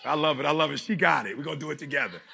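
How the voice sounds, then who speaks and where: A man from Detroit giving a motivational speech to a live audience, gravelly and emphatic, often shouting. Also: a little high, very fast, noisy background. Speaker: motivational speaker.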